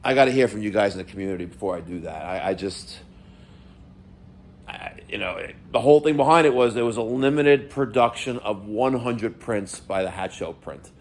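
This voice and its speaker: A man's voice: on the low side, moderate pace. A middle-aged man, ranting casually to camera about delayed mail, swearing and exasperated. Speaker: vlogger.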